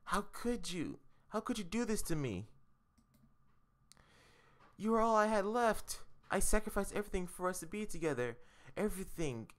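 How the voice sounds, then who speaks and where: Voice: mid-range voice, very animated, normal speed, lightly acted. A streamer doing a heartbroken lovestruck game girl. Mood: anguished pleading. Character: desperate lovestruck young female game character. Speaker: streamer reading game dialogue aloud. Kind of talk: read-aloud game dialogue.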